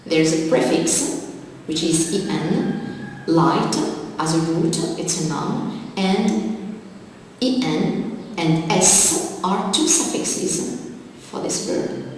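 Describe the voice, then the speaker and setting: A woman teacher speaks slowly and deliberately, going through vocabulary one word at a time. Her voice sits a little low and comes from some distance off the mic. It rings around a large, strongly echoing hall with a long reverb tail. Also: a little mellow, slight background noise. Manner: slow, deliberate teacher's dictation. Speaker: English teacher. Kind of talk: televised classroom lesson.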